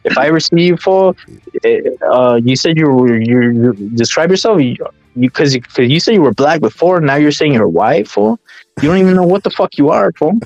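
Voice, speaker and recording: A man with a fairly high voice, firing off aggressive, profane insults and threats, and calling people "fool" and "dog" again and again. The sound is dry and muffled, as if from a stream, with faint music underneath. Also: animated, a little fast, darkish tone, dry recording. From Southern California. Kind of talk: heated trash talk.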